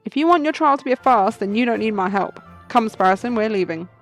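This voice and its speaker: Woman voicing a brisk falcon defense attorney. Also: fairly high pitch, expressive, faint music behind. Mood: stern. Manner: brisk and commanding. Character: sharp, bluffing male falcon defense attorney.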